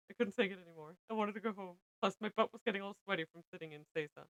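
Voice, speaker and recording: A young woman streaming, reading a visual novel aloud with expressive narration. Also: medium pitch, quick pace, hardly any pauses, dry recording, low-quality recording. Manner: expressive narration, breaks into laughter.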